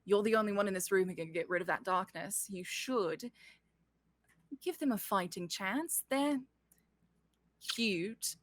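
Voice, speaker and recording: A woman's voice: mid-range voice, unhurried, pauses often, no room sound, natural voice. A woman voicing a smug, teasing woman who lurks in shadows, sly and offhand with affectionate mockery.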